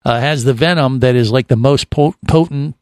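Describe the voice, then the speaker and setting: A man's voice: mid-range voice, normal speed, darkish tone, no echo. A man hosting a casual radio talk show from a studio, rambling and restarting his sentences as he tells a story.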